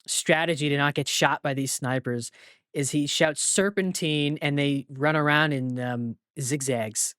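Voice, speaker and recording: A man's voice: fairly high pitch, steady tone, a little slow, fairly bright tone, no room sound, studio quality. A man co-hosting a podcast, retelling movie scenes in casual chat, with many fillers. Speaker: podcast co-host.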